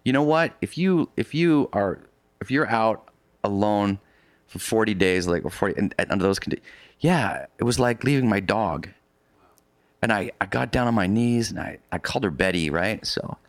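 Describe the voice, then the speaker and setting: A very low-voiced man, animated and at a moderate pace, tells a long story as an interview guest about a polar expedition. His casual storytelling rambles, with frequent restarts and vivid asides, and the recording is close and dry with no room echo.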